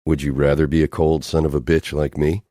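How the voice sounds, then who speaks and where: A man voicing a hard, brooding male agent in an audiobook, blunt and needling in a low, controlled voice. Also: level tone, brisk, mellow, dry recording, studio quality. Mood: low intense.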